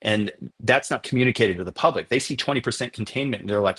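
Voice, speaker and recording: A man on a podcast interview, explaining things at length and telling animated stories from his filming work. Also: fairly low pitch, fast talker, slightly rough. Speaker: documentary filmmaker guest.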